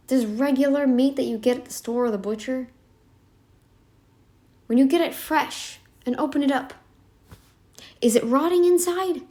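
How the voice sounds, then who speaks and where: A woman with a slightly high voice talks straight to her viewers in a casual commentary. She is emphatic and sarcastic, and she keeps piling up rhetorical questions. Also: a little mellow. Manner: sarcastic, addresses listeners directly. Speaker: reaction channel host.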